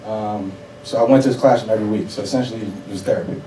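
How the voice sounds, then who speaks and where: A young man from New York City telling a personal story on stage, profane and animated. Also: lowish voice, fast, few pauses, a little hiss or hum. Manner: profane, animated, laughing audience reactions. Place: stage before a live audience. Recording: roomy hall, mic at a distance. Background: audience laughter.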